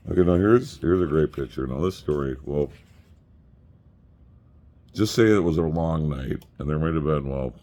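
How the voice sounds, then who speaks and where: Warm in tone and very deep, this middle-aged vlogger's voice moves at normal speed with long pauses. He rambles casually through family photos, cracking crude, profane jokes as he tells stories.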